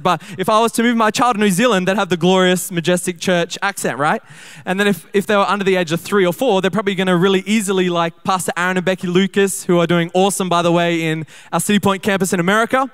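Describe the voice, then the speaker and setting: A young man preaching at a church service in a fairly high, smooth and clear voice. He talks to the congregation in a relaxed, chatty way, speeding through asides and slowing down when he reads scripture aloud. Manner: conversational, quick bursts, slows to read scripture. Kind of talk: sermon.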